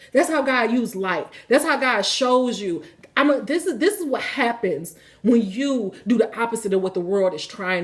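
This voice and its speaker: A woman hosting a spiritual reading, telling a personal story in casual, animated speech with lots of swearing. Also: mid-range voice. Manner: animated, swearing freely, colloquial.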